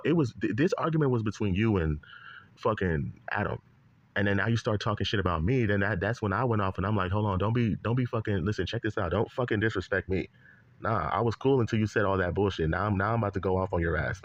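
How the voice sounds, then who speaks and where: A man's voice: fairly low pitch, no echo, dull audio. A man, ranting heatedly in online commentary, cursing often and circling back to the same points. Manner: heated, profane, repetitive rant.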